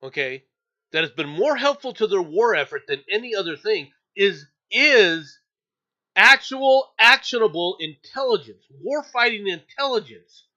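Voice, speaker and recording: Ranting man with a bright, edgy voice. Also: sits high, animated, measured pace. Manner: angry ranting, profane, stammering restarts. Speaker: show host. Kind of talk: opinionated news commentary. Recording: dull lo-fi audio.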